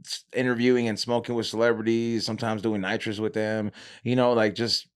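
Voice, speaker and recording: A man's voice: fairly low pitch, little pitch movement, fairly quick. A young man telling rambling, laughing stories in a casual podcast chat, full of "like" and swearing. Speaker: podcast guest, cannabis show host.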